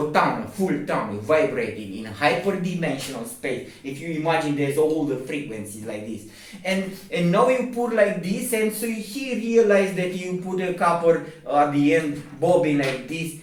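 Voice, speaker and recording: A man with Romanian as his first language, explaining things in a halting, rambling way, with many restarts. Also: fairly high pitch, recorded from a distance. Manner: halting, many restarts, non-native phrasing. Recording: very echoey room, from afar.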